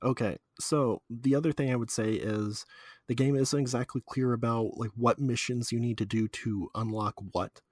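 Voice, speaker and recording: A man's voice: medium pitch, fairly even intonation, moderate pace, no room sound, clean studio sound. A man chatting casually about a video game, rambling with lots of fillers and frequent laughs. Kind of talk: casual chat.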